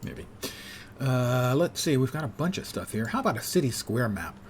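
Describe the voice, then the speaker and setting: A man's voice: mid-range voice, very animated, moderate pace, a little hiss or hum. A man in his sixties streaming a game and chatting casually, with dry, self-mocking asides. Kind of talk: casual live gameplay chat.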